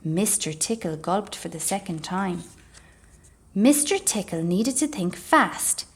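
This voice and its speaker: A woman reads a children's storybook aloud for a library story time. Her delivery is expressive and measured, in a mid-range voice. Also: mid-range voice, slightly rough.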